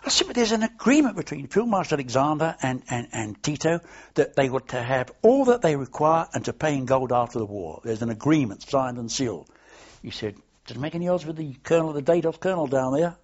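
On dull lo-fi archive tape, an older man who is a war veteran tells anecdotes in an oral history interview, rambling and restarting as he goes. His voice is a little high and sing-song, and he speaks fairly quickly.

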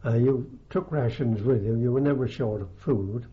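An older man with a halting, unhurried way of talking, full of ums and restarts, recalling his army days in an oral history interview. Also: mid-range voice. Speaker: veteran interviewee. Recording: dull lo-fi archive tape.

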